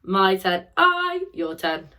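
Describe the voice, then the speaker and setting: Young female phonics teacher, slow and bouncy, lively pitch, lowish voice, call-and-response drills. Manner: bright sing-song praise, call-and-response drilling. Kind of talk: recorded phonics lesson for children.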